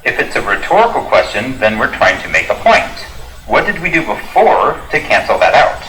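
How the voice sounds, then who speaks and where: Lively, bright-voiced man explaining grammar. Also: mid-range voice, moderate pace. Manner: clear, affirming, instructive. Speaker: explainer in a course audio dialogue. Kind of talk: scripted textbook dialogue. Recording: roomy echo.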